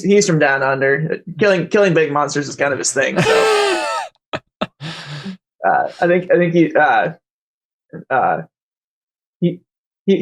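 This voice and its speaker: A man narrating as game master, halting with many fillers and restarts. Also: fairly high pitch.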